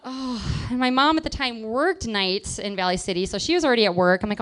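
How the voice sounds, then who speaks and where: A young woman telling a personal story on stage in a chatty, laughing, animated way. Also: on the high side, brisk, few pauses, smooth.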